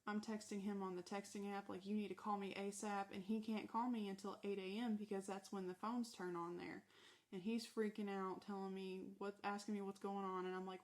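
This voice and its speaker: Woman narrating her own confession story, matter-of-fact, little pitch movement, quotes dialogue. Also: flat delivery, brisk. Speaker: former corrections officer telling her story. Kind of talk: first-person storytelling.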